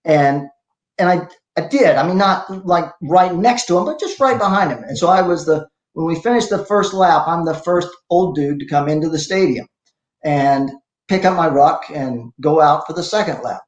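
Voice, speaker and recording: A man's voice: fairly high pitch, normal speed, echoey room, rough recording. A man in his sixties, a masters fitness athlete, telling stories in a casual interview with a rambling, self-deprecating manner. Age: 60s. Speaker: masters CrossFit athlete guest.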